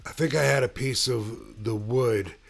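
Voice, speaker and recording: A man casually telling a personal story as host of his own channel, in a laid-back way with pauses and fillers. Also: mid-range voice, gravelly, breathy edge, soft background music.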